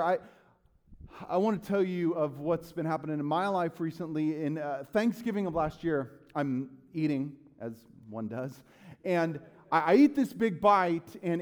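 A man preaching a sermon as a pastor, telling a personal story in a lively way and acting out his own loud outbursts. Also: fairly high pitch.

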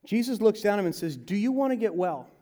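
Animated high-voiced male preacher. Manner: animated preaching, swinging from loud to hushed; mimics salesmen and advisers in quick asides. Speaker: pastor. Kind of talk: sermon.

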